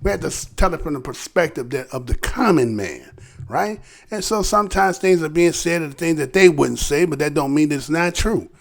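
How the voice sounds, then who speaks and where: A man's voice: on the high side, lively intonation, moderate pace, vocal fry. A man hosting his own commentary channel, talking loosely with many fillers and tag questions. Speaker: channel host. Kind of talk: casual news commentary.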